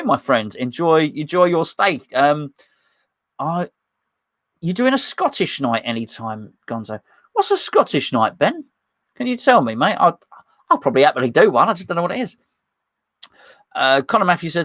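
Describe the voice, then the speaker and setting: A man's voice: on the high side, very animated, fairly quick, long pauses, a bit bright, no echo. Chatty man hosting a live stream. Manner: rambling and chatty, with frequent restarts and fillers. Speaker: host of a live fan chat stream. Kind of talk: casual live-stream chat, reading viewer comments.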